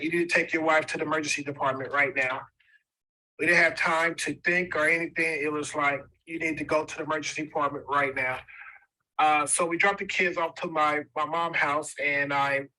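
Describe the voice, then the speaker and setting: Bright-voiced man giving emotional testimony. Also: fairly high pitch, poor audio. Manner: emotional, repeats for emphasis. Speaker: guest speaker. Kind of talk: personal testimony.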